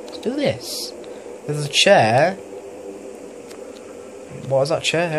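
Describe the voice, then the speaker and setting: Young guy rambling slowly over a horror game, laughs when scared, noisy background. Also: a little high, animated, a bit bright. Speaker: gaming YouTuber. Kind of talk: casual let's play commentary. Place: home room, family noise downstairs.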